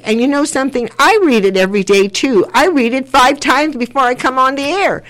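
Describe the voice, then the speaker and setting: A woman's voice: high-pitched, a little fast, hardly any pauses, fairly bright tone. An older woman hosts a community radio talk show. She speaks earnestly and rambles a little, often repeating herself as she gathers her thoughts. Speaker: radio host.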